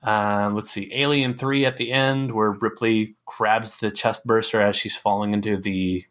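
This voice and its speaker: A man co-hosting a casual movie podcast, talking in a lively way and acting out lines from films as he recalls them. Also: on the low side, a little slow. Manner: lively, acts out quotes from films. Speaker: podcast co-host.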